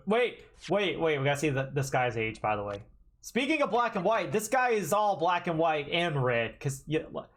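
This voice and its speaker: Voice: medium pitch, very animated, moderate pace. A streamer in their thirties chatting and joking through a livestreamed game, now and then reading the dialogue aloud. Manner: chatty, jokey, reacts loudly.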